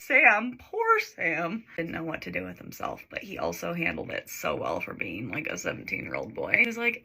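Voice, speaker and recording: A woman's voice: on the low side, wildly swooping pitch, normal speed, gravelly, hardly any pauses, sharp tone, a little hiss or hum. A woman in her twenties telling a storytime while doing her makeup, chatty and full of "like" fillers, giggling now and then.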